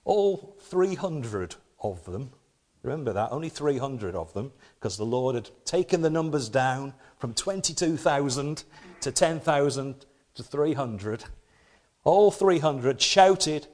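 A man's voice: mid-range voice, lively intonation, slow pace. A man preaching a sermon, reading scripture dramatically and adding playful asides. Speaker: pastor.

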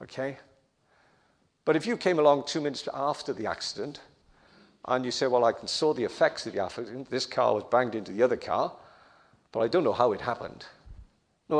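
A man preaching a sermon with emphatic, building repetition, asking the listeners direct questions. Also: medium pitch.

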